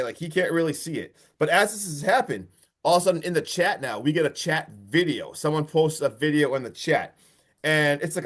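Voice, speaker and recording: A young man co-hosting a podcast, retelling a horror film in a casual, animated way full of "like"s and disbelief. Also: fairly high pitch. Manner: animated, disbelieving storytelling with many "like"s. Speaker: podcast co-host. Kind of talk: casual movie recap.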